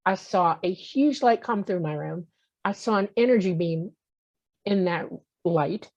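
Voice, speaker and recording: A woman's voice: fairly low pitch, measured pace, a little mellow. A woman in her sixties telling a personal story as a guest on a talk show. She acts out the voices in her story and keeps checking in with "okay?". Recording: muffled lo-fi audio.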